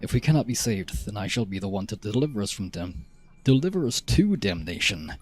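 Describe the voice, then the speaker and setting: A man's voice: lowish voice, big pitch swings, fairly quick, a little mellow. A man putting on a Russian accent to voice a fervent, preaching ship captain reading his logs. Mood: despairing. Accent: put-on Russian. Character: ranting zealous male ship captain.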